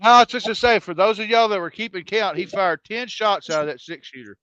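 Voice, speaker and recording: A man's voice: high voice, a little fast, fairly bright tone, smooth, dry recording. A man co-hosting a casual movie-review podcast, trading laid-back jokes. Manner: joking, laid-back banter. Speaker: podcast co-host. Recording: dull, lo-fi remote audio.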